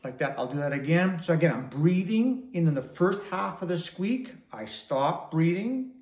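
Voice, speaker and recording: A man's voice: fairly high pitch, expressive, moderate pace, darkish tone, reverberant, a little hiss or hum. A man teaching didgeridoo, patiently explaining circular breathing step by step. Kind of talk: instructional demonstration.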